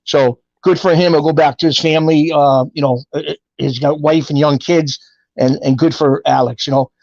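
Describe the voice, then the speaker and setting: This is a middle-aged man, spinning stories from his past in a relaxed, animated way. He slips into the voices of the people he quotes as he goes. His slightly high voice sounds close and dry, with a dull, muffled tone to the recording. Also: normal speed, vocal fry, dry recording. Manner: animated storyteller who acts out quoted voices. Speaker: guest telling his life story. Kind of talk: casual storytelling.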